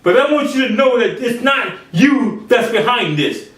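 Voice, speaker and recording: A man's voice: very high-pitched, animated, moderate pace, fairly bright tone, reverberant, distant mic, low-quality recording. A man preaching a sermon, acting out quoted speakers in changing voices. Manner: acts out biblical quotes in shifting voices.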